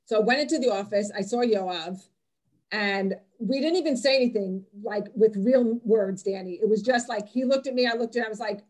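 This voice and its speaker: A woman with a fairly high voice gives an informal online talk. She rambles in a friendly way, with lots of "like" and false starts. Her voice comes through a video-call mic. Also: brisk, a little mellow. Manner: chatty, many fillers and restarts. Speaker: presenter on Israeli music.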